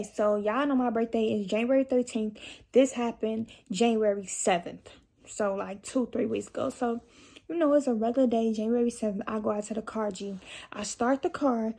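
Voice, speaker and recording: Young woman with a gravelly, husky voice. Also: fairly high pitch, moderate pace. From Chicago area. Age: young adult. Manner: profane, animated storytelling, addresses viewers as y'all and G. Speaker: vlogger. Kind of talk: casual storytime vlog.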